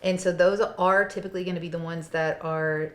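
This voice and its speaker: Woman, podcast co-host, low-pitched, thoughtful casual explaining, office conference room. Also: fairly even intonation, a little fast. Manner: thoughtful, talks in lists and frameworks.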